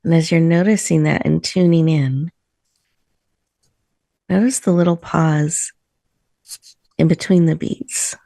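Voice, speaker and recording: Host type: woman guiding meditation, slow and soothing, slight vocal fry, dry close sound. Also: deep voice, steady tone, dry recording. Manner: soft, slow, soothing guidance. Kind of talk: guided breathing meditation. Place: virtual room, video call. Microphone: video call.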